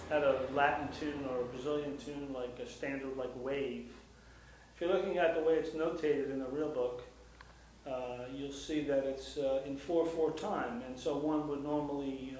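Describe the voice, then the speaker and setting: Male guitar teacher, slightly high voice, heard from across a very echoey room with guitar underneath. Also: slight background noise. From United States. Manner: relaxed explaining with many fillers, scats rhythms aloud. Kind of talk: instructional guitar lesson. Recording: echoey room, mic at a distance, guitar playing.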